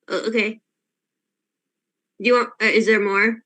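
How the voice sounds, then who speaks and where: A woman's voice: fairly high pitch, steady tone, measured pace, pushed and bright. Hesitant woman player with many likes. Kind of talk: tabletop role-play over a video call.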